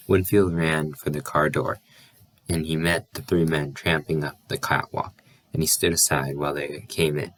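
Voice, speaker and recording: A man's voice: a bass voice, level tone, normal speed, a bit bright. A man reading a novel aloud as an audiobook, with small slips and restarts. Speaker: audiobook reader.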